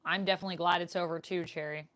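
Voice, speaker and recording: A woman's voice: lowish voice, fairly even intonation, racing, a bit bright. A young woman streamer chatting casually with her viewers in a live Q&A, reading out their comments as she goes. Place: home room, indoors. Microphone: desk microphone.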